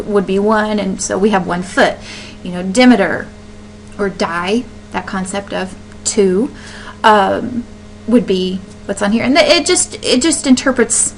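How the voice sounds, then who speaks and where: A woman teacher talks her way through a recorded slide lecture in a loose, chatty manner, with plenty of fillers and restarts. Now and then she slows right down to sound out stressed syllables. A faint hum sits under the recording. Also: medium pitch, low-quality recording.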